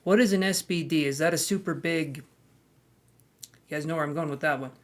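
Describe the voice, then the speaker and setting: A man's voice: on the high side, brisk. A man hosting a live tarot stream in casual chat, greeting viewers by name, handing out queue numbers and cracking jokes.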